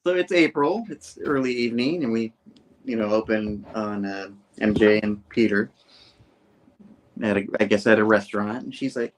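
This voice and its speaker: A man's voice: fairly low pitch, normal speed, slight background noise. A man casually retelling a comic book scene by scene, acting out the characters' lines in loose voices. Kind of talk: casual chat.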